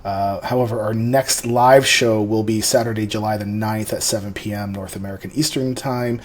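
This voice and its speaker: A man's voice: fairly low pitch, steady tone, moderate pace. A Canadian man co-hosting a casual gaming podcast, easygoing as he runs through the schedule. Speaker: podcast co-host.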